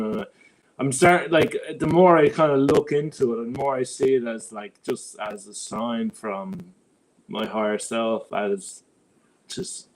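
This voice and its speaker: A man's voice: on the low side, darkish tone, low-quality recording. A man, a podcast guest, talking in a rambling, reflective way with many restarts. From Ireland. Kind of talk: casual podcast conversation.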